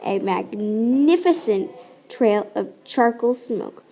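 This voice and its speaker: A woman reading a children's story aloud with expressive, playful narration and sound effects. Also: on the high side, slow pace. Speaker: storybook reader.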